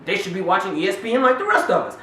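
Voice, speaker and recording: A man's voice: sits high, animated, very fast, a bit bright, reverberant, far from the mic, slight background noise, voice pushed up. A man voicing an indignant grown man complaining about television for women.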